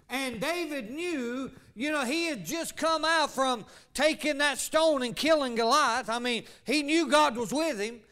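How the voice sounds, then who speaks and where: A man's voice: very high-pitched, fairly bright tone, smooth. A man preaching a sermon, emphatic and drawn out, asking his congregation rhetorical questions. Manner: emphatic, asks the congregation rhetorical questions, stretches key words.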